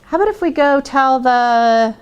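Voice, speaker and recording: A woman with a high voice leads a children's TV show. She talks in a coaxing, teacherly way, asking the kids questions as she goes. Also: lively intonation, moderate pace, clean tone, muffled recording.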